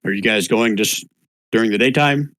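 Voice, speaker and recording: A man's voice: fairly low pitch, normal speed, no room sound. Man, game master, casual, dry close sound, laughs a lot. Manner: relaxed, laughs often, many restarts. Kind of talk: narrating a tabletop game over voice chat.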